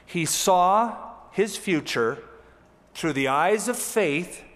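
A man's voice: high-pitched, lively intonation, slow pace, a bit bright. A man preaching a verse-by-verse sermon as pastor, reading scripture aloud and then explaining it with casual, conversational asides. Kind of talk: expository sermon. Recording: hall with long reverb.

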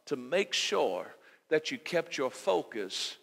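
A man's voice: fairly high pitch, very animated, normal speed, gravelly, a bit bright. A man preaching a sermon as pastor, building emphatic repeated lines. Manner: preaching with rising, emphatic repetition. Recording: long hall reverb.

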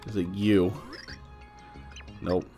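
A man's voice: low-pitched, little pitch movement, very slow, mellow, faint music behind. A man co-hosting a let's play in casual gaming chat, swearing and joking. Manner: swearing, joking, laughing often.

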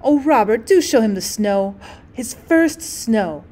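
A woman voicing a frail, fussy invalid wife who gushes fondly in a breathy voice, reading a storybook aloud. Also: on the high side, animated, takes it slowly, mellow. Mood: gushing.

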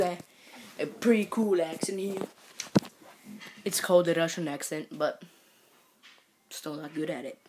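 Excitable woman vlogging on a noisy phone. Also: on the low side. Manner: excitable, drops into hushed whispered asides. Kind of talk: casual selfie vlog. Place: bedroom at home. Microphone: phone held at arm's length.

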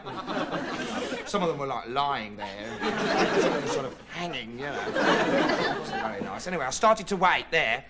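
An actor playing a rambling, excitable young male investigative reporter in a TV comedy monologue, digressing and bursting into shouts. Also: a little high. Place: TV studio with live audience. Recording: old TV broadcast, loud studio laughter and noise.

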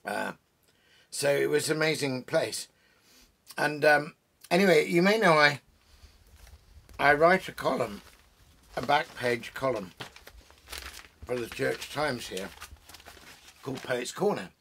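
A man's voice: fairly high pitch, expressive, takes it slowly, vocal fry, pauses often, a bit bright, slight background noise. A man hosting a casual, rambling talk about poetry at home among his bookshelves, with many fillers and restarts. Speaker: poet and host.

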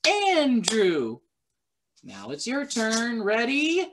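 Young male children's librarian, bright, sing-song lead for baby songs. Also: unhurried, a little hiss or hum. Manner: sing-song, animated, with sudden high cheers.

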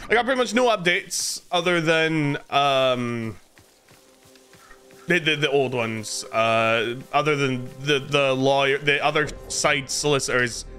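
A man's voice: mid-range voice, a little slow, sharp tone, soft background music. A man livestreaming a game, chatting casually and jokingly and greeting viewers by name. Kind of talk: casual gameplay commentary.

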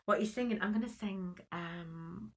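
A woman's voice: mid-range voice, normal speed. A woman in her thirties, a guest actress in a casual interview, chatty and laughing as she acts out quotes.

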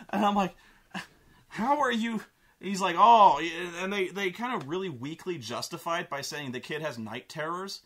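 A young man ranting casually about a film, excitable and profane, acting out scenes in exaggerated voices. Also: fairly high pitch, normal speed. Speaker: vlogger reviewing a film.

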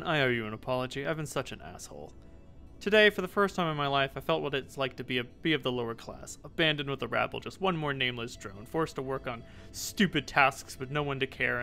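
A man's voice: medium pitch, pushed and bright. A man voicing a rich young office worker who reads game dialogue in an earnest, long-winded way. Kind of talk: game dialogue read aloud.

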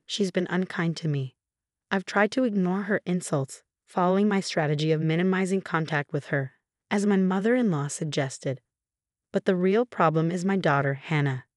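A woman narrating a first-person story in an even, measured way. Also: fairly low pitch, no echo, studio quality.

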